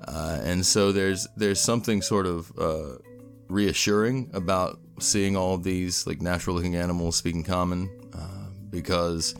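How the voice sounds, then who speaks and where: A very deep-voiced man describing his character in a tabletop game. He speaks hesitantly, pausing and restarting often, with faint music behind him. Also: gravelly. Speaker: player.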